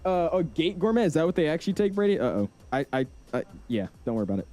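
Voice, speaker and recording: A man's voice: a little high, sing-song, fast, mellow, soft background music. A man hosting a casual live stream, chatting while setting up a flight and greeting viewers one by one, with many fillers.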